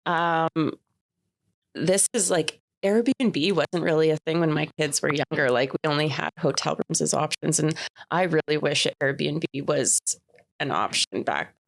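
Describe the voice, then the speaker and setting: A woman, telling a travel story on a podcast with animated energy and frequent laughter. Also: low voice, a little slow, gravelly, dry recording. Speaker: podcast co-host. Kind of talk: casual chat.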